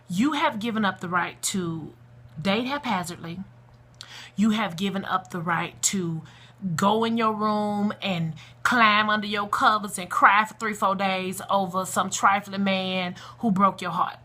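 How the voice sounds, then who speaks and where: A woman's voice: mid-range voice, measured pace, sharp tone. A woman talking to camera, giving blunt, emphatic parenting advice in a preachy, outspoken casual style with vernacular asides. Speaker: parenting blogger.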